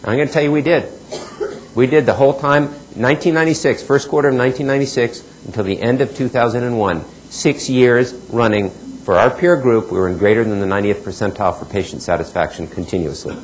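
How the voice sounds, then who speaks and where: A middle-aged man speaks at an ordinary, mid-range pitch, giving a motivational talk on healthcare. He tells stories and acts out the dialogue, sinking lower on the points he wants to land. A faint layer of background noise sits under his voice. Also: fast talker, low-quality recording. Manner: storytelling, acts out quoted dialogue, drops pitch for emphasis. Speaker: keynote speaker.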